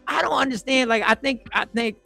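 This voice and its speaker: A man hosting a casual group chat on a livestream, animated and joking, swearing freely. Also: extremely high pitch, a little fast, gravelly, faint music behind. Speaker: host.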